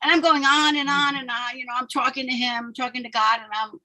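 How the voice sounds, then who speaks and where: A woman hosting a podcast, telling a personal story in animated, rambling casual chat with frequent laughter. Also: sits high, a little fast. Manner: rambling with many restarts. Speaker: podcast host.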